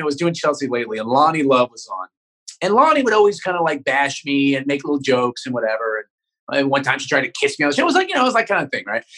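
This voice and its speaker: Man, comedian guest, very fast, raspy voice, swears a lot, casual podcast storytelling. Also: fairly high pitch, pushed and bright. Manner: rapid, profane, keeps checking in with "right?".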